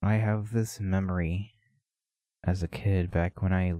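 Slow, low-voiced man musing on podcast. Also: steady tone, warm tone, no echo. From United States. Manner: reflective, halting, with many pauses. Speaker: podcast host. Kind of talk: personal confessional podcast monologue.

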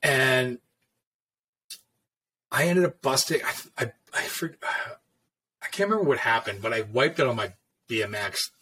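Man, veteran tattooer, husky voice, rambling storyteller, swears a lot. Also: medium pitch, measured pace, pauses often, sharp tone. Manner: rambling, profane, filler-heavy. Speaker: guest, veteran tattoo artist. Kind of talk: casual storytelling.

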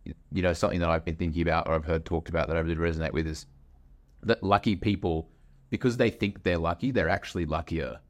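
A man with a low, deep voice hosts the conversation. He asks his questions casually and reflectively, thinking them through out loud. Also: fairly even intonation, fast. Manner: reflective, thinks aloud while asking. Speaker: podcast host.

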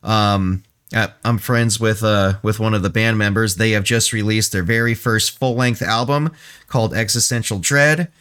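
A man's voice: lowish voice, steady tone, moderate pace, fairly bright tone, clean tone. A man co-hosting a podcast in casual chat, laid-back and swearing freely, with many ums and restarts. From San Diego area. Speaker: podcast co-host.

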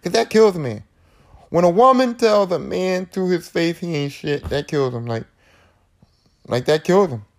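A man's voice: high voice, lively intonation, normal speed. A man hosting a podcast, recapping a horror film in a casual, profane monologue and acting out the characters' lines. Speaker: podcast host.

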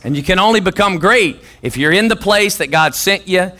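A male pastor preaching a sermon in church, energetic and joking, calling for answers from the congregation. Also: high voice, moderate pace. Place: church sanctuary.

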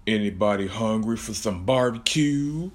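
A man's voice: fairly low pitch, expressive, normal speed, lightly acted. A man voicing a cursed killer plush toy that taunts its victims. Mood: taunting. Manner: taunting, mocking.

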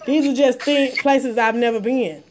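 A passionate woman speaks bluntly in a slightly high voice. She often repeats words when she is worked up. Faint noise sits under her voice. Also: normal speed. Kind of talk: casual chat.

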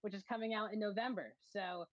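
A woman's voice: medium pitch, steady tone, quick pace, no room sound, dull audio. A woman co-hosting a podcast, reviewing movies in a matter-of-fact, casual way with frequent ums.

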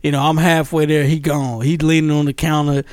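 A man's voice: a little high, flat delivery, fairly quick, darkish tone, no room sound, studio quality. A man telling a funny story in casual chat, laughing often and repeating himself.

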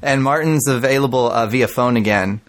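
A man hosting a podcast in an easy, unhurried way. He keeps things light with joking banter and leads the chat between co-hosts. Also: medium pitch. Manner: relaxed, jokey banter. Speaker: podcast host. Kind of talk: casual chat.

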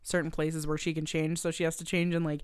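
A woman's voice: low-pitched, fast talker, clear, resonant tone, dry recording, clean studio sound. A young woman co-hosting a podcast, chatting casually and profanely about a movie and acting out the characters' lines. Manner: profane, animated, acts out quoted lines. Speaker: podcast co-host. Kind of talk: casual chat recapping a movie.

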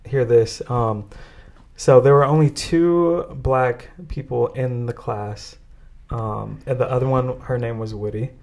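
A man from the Bay Area telling a funny story on a podcast, animated and full of fillers, laughing often. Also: medium pitch, unhurried, vocal fry. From San Francisco Bay Area. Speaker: podcast co-host. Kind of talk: casual storytelling chat.

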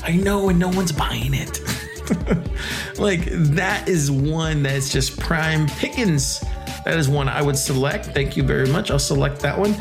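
A man hosting a casual crypto podcast, hyped and joking, laughing often and jumping into high exclamations. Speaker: podcast host.

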